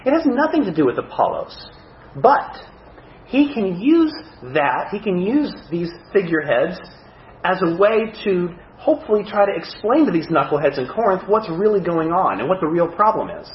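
A man preaching a sermon as a pastor, animated, with self-mocking humor. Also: high-pitched, normal speed, echoey room, dull audio, slight background noise.

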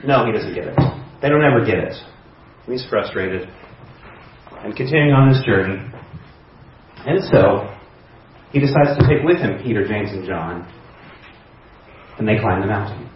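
A man's voice: on the low side, lively intonation, normal speed, pauses often, slight background noise. A man preaching a sermon, retelling a story conversationally with imagined dialogue. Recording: echoey hall, distant mic, dull sound.

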